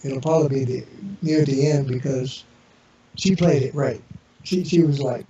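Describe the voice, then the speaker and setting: Through distant, muffled, echoey internet radio audio, with a crowd audible, comes a man's medium-pitched, dark-toned voice at a moderate pace. He's an interview guest telling casual, rambling stories full of fillers and restarts, voicing the people he talks about.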